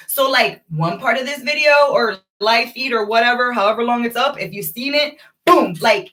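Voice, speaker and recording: Bright, preachy woman vlogger. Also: fairly high pitch, far from the mic, rough recording. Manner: animated, rambling, preachy, calls the viewers "y'all". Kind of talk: casual spiritual monologue to viewers.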